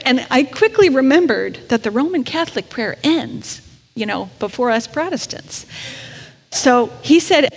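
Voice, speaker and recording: A woman delivers a storytelling sermon in a fairly high voice. She talks in a candid, conversational way with a self-deprecating touch. Her words carry a long reverb from a large church hall. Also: lively intonation, a little slow, breathy edge. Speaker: preacher.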